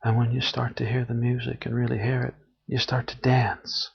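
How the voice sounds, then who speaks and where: A man's voice: medium pitch, level tone, normal speed, creaky, breathy edge. A man giving an earnest, emphatic spiritual talk, repeating phrases for emphasis. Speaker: spiritual teacher. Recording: dull lo-fi recording.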